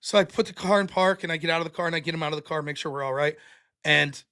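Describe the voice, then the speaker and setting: A man with a high, bright voice tells a story in a loose, casual way. He acts out the people he quotes and laughs often along the way. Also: rapid-fire, clear, resonant tone. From United States. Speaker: podcast host.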